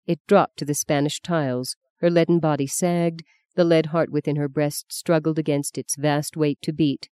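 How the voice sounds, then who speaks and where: A woman narrating a novel in a measured, even storytelling manner on a close mic. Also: low-pitched, smooth, no echo. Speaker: audiobook narrator. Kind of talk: scripted narration.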